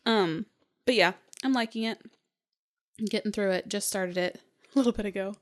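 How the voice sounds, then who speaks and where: A young woman co-hosting a podcast in casual chat, easygoing and quick to murmur agreement. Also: mid-range voice. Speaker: podcast co-host.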